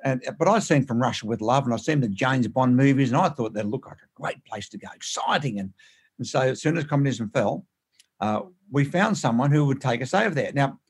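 Male guest storyteller, rapid and emphatic, mid pitch, keeps repeating and restarting words. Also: lively intonation, slightly rough. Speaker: interview guest. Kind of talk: animated anecdotal storytelling.

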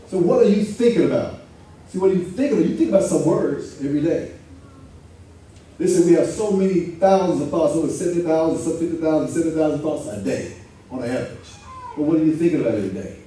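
Pastor, male, high but mellow tone, easygoing preaching, picked up from afar in a roomy church. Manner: conversational preaching, reads scripture slowly. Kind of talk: sermon. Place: church sanctuary. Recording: echoey room from far off, faint ambience.

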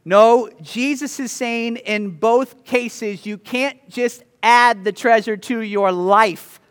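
A male pastor preaching a sermon, telling the story with lively, playful asides to the congregation. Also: very high-pitched, slow, clear, resonant tone, in a large hall. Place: church sanctuary.

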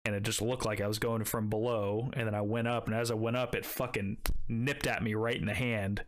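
A man's voice: lowish voice, little pitch movement, fairly quick. A young man telling a long, rambling story in casual chat, swearing often and filling gaps with "like" and "um.". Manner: rambling, profane, heavy filler words.

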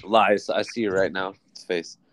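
A man's voice: sits low, steady tone, normal speed, a bit bright. A young man hosting a podcast in casual chat, joking and teasing with plenty of swearing. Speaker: podcast host.

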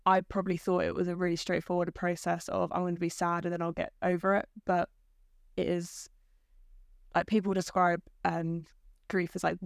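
A young woman at university, speaking thoughtfully and haltingly in a casual podcast chat. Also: fairly low pitch, flat delivery, gravelly, no room sound, studio quality. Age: young adult. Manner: halting, thoughtful, pauses mid-sentence. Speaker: university student guest.

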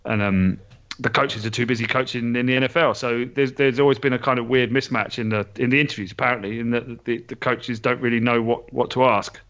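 A man's voice: medium pitch, fairly even intonation, brisk, a bit bright, lo-fi sound. Stuffy-nosed podcast man. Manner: chatty, self-deprecating, many restarts. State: stuffy and nasal from a sore nose. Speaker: podcast co-host. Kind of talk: casual chat.

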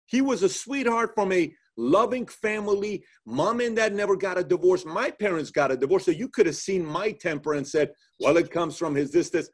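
A man hosting an interview, telling stories in a lively, animated way and acting out what people said. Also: sits high, moderate pace, few pauses. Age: adult, former soldier. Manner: animated storyteller, acts out quotes. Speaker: interview host. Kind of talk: casual interview conversation.

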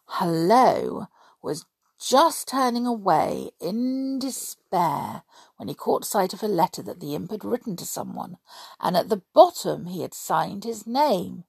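A woman reading a children's story aloud in an expressive, dramatic way, with gasps and whispers. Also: fairly low pitch, gravelly, breathy edge, no echo, clean studio sound.

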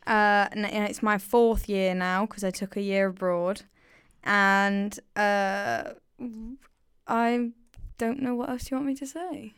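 A woman's voice: medium pitch, steady tone, takes it slowly, a bit bright, smooth. A young woman, a podcast guest who chats casually, giggling and poking fun at herself. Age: young adult. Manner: giggly, self-mocking, chatty.

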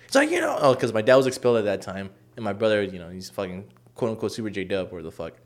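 A young man in casual chat, telling a long story with many fillers and profanity, acting out quoted lines loudly. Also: lowish voice, sing-song, quick pace.

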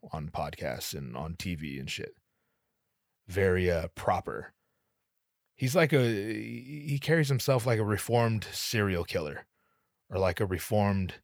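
A young man hosting a podcast, telling a casual, profane, self-mocking story, his voice jumping up in pitch for his own quoted reactions. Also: no room sound, clean studio sound. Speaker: podcast host.

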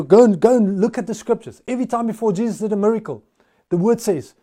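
A man's voice: high voice, mellow. A male pastor preaching a sermon, telling stories in a conversational way with frequent restarts.

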